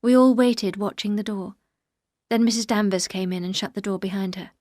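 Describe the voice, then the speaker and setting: A woman reading a story aloud for English learners in a clear, steady, careful way. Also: medium pitch, moderate pace, no room sound, studio quality. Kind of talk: scripted story narration for learners.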